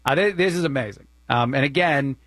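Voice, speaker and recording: A man's voice: medium pitch, a little fast, fairly bright tone, no echo. A man with a New Jersey accent, a fill-in radio host giving opinionated, conversational commentary with plenty of fillers.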